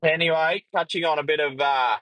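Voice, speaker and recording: A man's voice: fairly high pitch, fairly even intonation, a little fast, a bit bright, no echo, rough recording. A young Australian man hosting a podcast, telling a rambling, profane yarn in casual storytelling style. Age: young adult. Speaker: podcast host.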